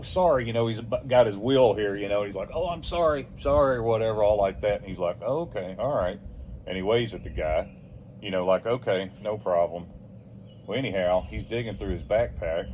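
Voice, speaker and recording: A man's voice: fairly low pitch, fairly even intonation, normal speed, darkish tone, slight background noise. An older man casually telling a rowdy anecdote, swearing freely, chuckling as he goes and acting out other people's voices. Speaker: storyteller.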